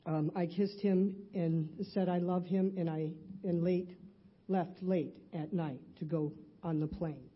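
A middle-aged woman in a church, earnestly reading her personal testimony aloud, halting at times with restarts. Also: on the low side, steady tone, breathy edge, lo-fi sound. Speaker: church member giving a testimony.

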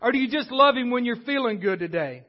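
A man with a high-pitched voice delivers a sermon from the pulpit, speaking conversationally and often stumbling into restarts. The sound is dull and lo-fi, as if captured on modest equipment. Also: lively intonation, fast. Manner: conversational preaching with frequent restarts. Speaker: pastor. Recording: dull lo-fi recording.

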